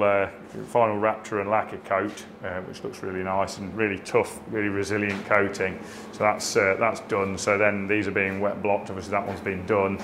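Flat-voiced man in a workshop. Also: fairly low pitch, background noise. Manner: steady and hesitant, many fillers and restarts. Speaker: body shop lead. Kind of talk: casual workshop update.

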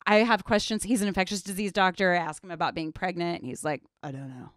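A woman's voice: on the low side, fast talker, no room sound. Female cohost, forties, pregnant, candid, laughs easily, dry close sound. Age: 40s. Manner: candid, laughs easily, trails off mid-thought. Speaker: podcast cohost. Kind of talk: casual chat.

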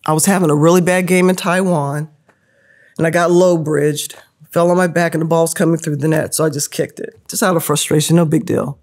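A woman in her fifties telling a story as a podcast guest, lively, laughing often and acting out the people she quotes. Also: sits low, fairly quick. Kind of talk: animated storytelling.

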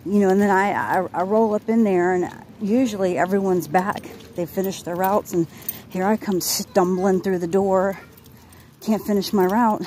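A woman's voice: medium pitch, moderate pace, dark tone, a little hiss or hum. A woman in her forties venting in a casual vlog while walking her dog outdoors, exasperated and rambling with restarts, recorded on a handheld phone. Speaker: vlogger.

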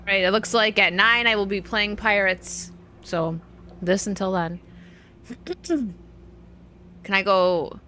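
A woman's voice: medium pitch, slow, pauses often, bright, forceful tone, a little hiss or hum. A woman streaming a video game, chatting casually and playfully, often laughing at herself. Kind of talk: casual let's-play commentary.

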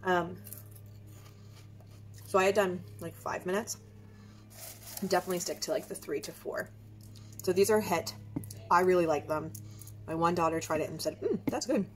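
A middle-aged woman chatting casually through a home cooking demo, upbeat and thinking out loud with fillers. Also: on the low side, steady tone, normal speed, long pauses, soft background music. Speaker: home cook vlogger. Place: home kitchen.

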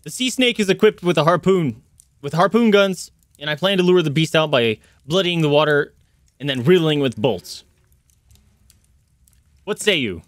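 A gruff, no-nonsense male sea captain, put on by a man in a tabletop game. He talks in a clipped, commanding way and shows no patience for nonsense. His voice sits clearly higher than the performer's own and is recorded dry. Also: animated, moderate pace, long pauses, no echo, natural voice. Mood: blunt, impatient. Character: gruff male ship captain, matter-of-fact, impatient.

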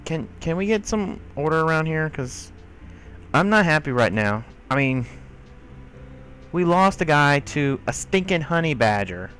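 A man's voice: a little high, big pitch swings, a little slow, a bit bright, soft background music. A man giving let's play commentary, exasperated and scolding the characters in his game. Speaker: gamer.

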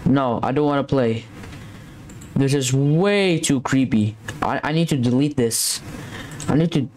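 With lively intonation and a darkish, mid-range voice, a man narrates a horror game a little slowly. His commentary is scared and jumpy, wandering and repetitive, recorded against a noisy background.

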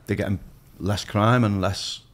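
A man's voice: lowish voice, steady tone, unhurried. A middle-aged man with a Liverpool accent, speaking frankly and emphatically as a podcast guest, swearing freely. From Liverpool, England. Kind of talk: candid podcast conversation.

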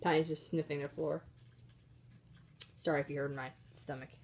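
A woman narrating her pets at home while filming on a handheld phone, chatty and giggly, slipping into squeaky voices for the animals. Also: fairly even intonation, moderate pace, darkish tone, slight background noise. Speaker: pet vlogger. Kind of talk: casual off-camera narration of pets. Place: indoors at home. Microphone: handheld phone camera.

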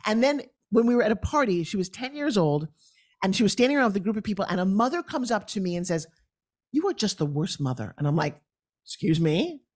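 A middle-aged woman speaking as a guest in an interview, telling lively stories and acting out other people's voices. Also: fast talker. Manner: acts out quoted voices with big pitch jumps. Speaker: guest, pitch expert. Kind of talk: animated storytelling interview.

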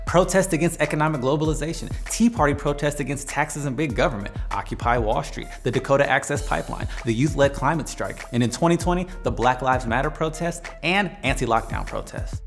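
A man hosting an educational explainer video in a playful, conversational way. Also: mid-range voice. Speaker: host. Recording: faint music behind.

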